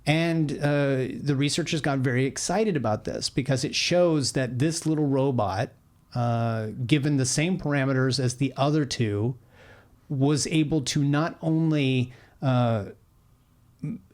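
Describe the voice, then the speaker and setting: A man co-hosting a podcast in casual chat, halting and filling pauses with "uh". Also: mid-range voice, darkish tone. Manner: hesitant, many fillers. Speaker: podcast co-host.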